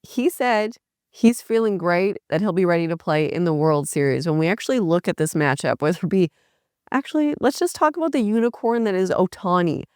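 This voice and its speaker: A woman's voice: on the low side, animated, fairly quick, a little mellow, clear, resonant tone, no room sound, clean studio sound. A woman co-hosting a casual sports podcast, chatty and self-mocking. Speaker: podcast co-host.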